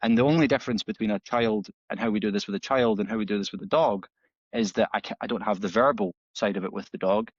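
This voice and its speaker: A man, a dog trainer guest on a podcast, telling stories in a casual, animated way and acting out the dialogue with many restarts. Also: lowish voice, fast, no room sound. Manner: animated storytelling, acts out dialogue with frequent restarts. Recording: slightly dull, dry audio.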